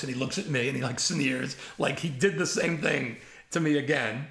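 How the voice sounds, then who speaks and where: A man's voice: medium pitch, normal speed, echoey room. A man in his seventies, a comedy writer, telling casual anecdotes with imitations and frank swearing. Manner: lively storyteller who imitates others and swears freely.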